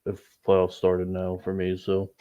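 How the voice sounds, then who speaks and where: Male host, very low voice, low-key and teasing, dry, dull lo-fi sound. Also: completely flat delivery, unhurried, no room sound. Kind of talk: casual sports chat.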